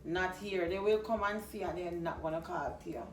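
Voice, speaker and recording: A lower-pitched Jamaican woman chats casually and lively, sliding into patois now and then. Her voice sits back from the mic in a roomy, echoing space. Faint music plays behind her. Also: brisk, distant mic. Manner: animated, laughs often, slips into patois. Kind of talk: casual conversation.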